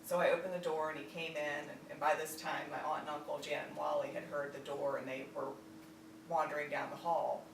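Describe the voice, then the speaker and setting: A woman's voice: sits low, level tone. Woman from virginia telling an old family story, lots of ums, distant mic, echoey room, faint hiss. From Virginia, United States. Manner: halting, with many fillers and restarts. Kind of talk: personal storytelling. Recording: roomy echo, distant mic, faint noise.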